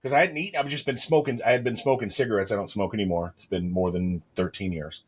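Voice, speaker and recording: A man's voice: on the low side, steady tone, fast talker, slightly rough. A man in his thirties co-hosting a casual podcast, telling stories in a rambling, playful way. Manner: rambling storyteller, playful asides. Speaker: podcast co-host. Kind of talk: casual chat.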